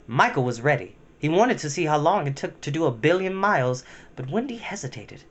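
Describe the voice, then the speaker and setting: A man reading a storybook aloud at bedtime, expressive and dramatic with a gentle touch. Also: on the high side, fairly quick.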